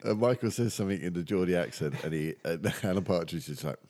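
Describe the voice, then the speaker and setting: A man's voice: low voice, quick pace, a little mellow. A man in casual chat about TV, easygoing and telling anecdotes.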